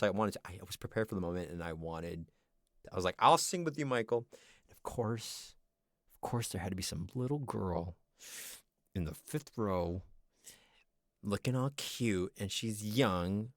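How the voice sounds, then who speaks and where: A man hosting a livestream, telling a story in casual chat, animated and acting out the people he quotes. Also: sits low, no echo, clean studio sound. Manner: animated, acts out quoted voices. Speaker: livestream host.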